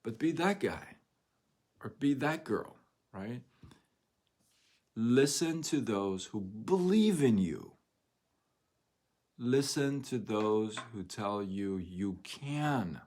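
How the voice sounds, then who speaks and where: Man, very low voice, slow unhurried delivery, earnest motivational host, emotional. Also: animated, a little mellow. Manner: earnest, emotional, repetitive encouragement. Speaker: motivational live-stream host. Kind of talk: motivational live talk.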